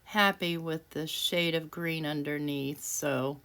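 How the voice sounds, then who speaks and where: A woman's voice: sits low, fairly even intonation, slow pace, a bit bright. A woman hosting a craft tutorial, chatting casually and self-deprecatingly while she works, laughing often. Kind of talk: casual craft demonstration voice-over.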